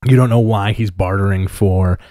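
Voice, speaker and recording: Low-voiced guy from new york, rambles on with lots of likes and ums, dry close mic. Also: moderate pace, warm tone, dry recording. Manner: rambling, filler-heavy storytelling. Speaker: podcast co-host. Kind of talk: casual chat.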